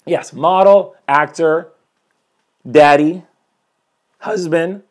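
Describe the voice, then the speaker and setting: A man in his forties speaks very slowly in a fairly high voice. He's a life coach on a live stream from home, talking energetically and somewhat ramblingly to viewers, preaching self-improvement and greeting people as they join, in typical motivational live-stream fashion.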